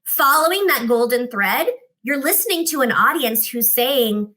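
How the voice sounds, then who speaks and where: Bright, high-voiced woman telling a story. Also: moderate pace. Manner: expressive, acts out dialogue in her stories. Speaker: podcast guest, author. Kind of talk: animated storytelling in conversation.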